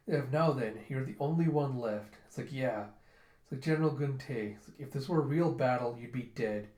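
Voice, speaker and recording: A man's voice: mid-range voice, normal speed, a little mellow. A man casually reading a comic book aloud and narrating it, chatty and full of fillers. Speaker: book reviewer. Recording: roomy echo.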